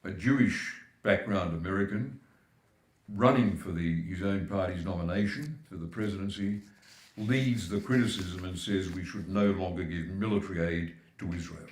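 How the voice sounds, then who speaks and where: A man's voice: low-pitched, moderate pace, slight background noise. Older Australian man speaking in echoey hall. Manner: emphatic, building points with repetition. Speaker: keynote speaker. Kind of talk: public speech at a forum. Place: large hall at a live forum.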